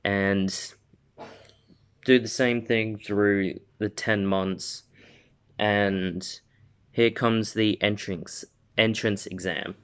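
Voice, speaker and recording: Slow, low-voiced male storyteller. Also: fairly even intonation, a bit bright, smooth. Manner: rambling, many fillers and self-corrections. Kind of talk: casual retelling of a fan story.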